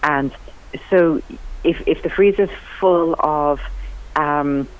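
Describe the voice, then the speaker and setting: A woman's voice: deep voice, slow. A woman, a cookery writer and TV cook, chatting enthusiastically as a guest in a radio interview. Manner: chatty, enthusiastic, lively rising emphasis. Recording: lo-fi radio broadcast.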